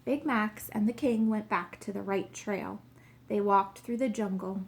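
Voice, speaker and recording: A woman narrating a children's story, reading aloud in a plain, measured way. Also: medium pitch, vocal fry.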